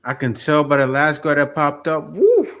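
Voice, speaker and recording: A man's voice: on the high side, level tone, normal speed, pushed and bright. A man from the United States giving a repetitive, preachy reaction commentary, asking rhetorical questions. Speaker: commentary host.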